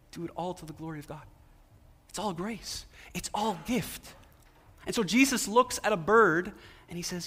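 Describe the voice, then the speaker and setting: A man's voice: sits high, fairly bright tone. A male pastor giving a sermon, repeating key phrases and asking the audience questions. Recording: long hall reverb.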